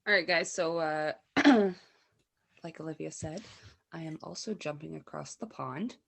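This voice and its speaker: A woman co-hosting a comedy podcast, her voice low and gravelly with vocal fry. She tells a story casually, in a loose conversational way, laughing often between lines. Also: measured pace. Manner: laughs often, narrates true crime casually. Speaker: podcast co-host.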